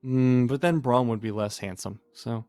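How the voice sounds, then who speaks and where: Young male color caster, chatty and enthusiastic, slightly hoarse. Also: mid-range voice, moderate pace, darkish tone, no echo. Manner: chatty, enthusiastic, laughs easily. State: a little hoarse. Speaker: esports co-caster. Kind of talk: live color commentary.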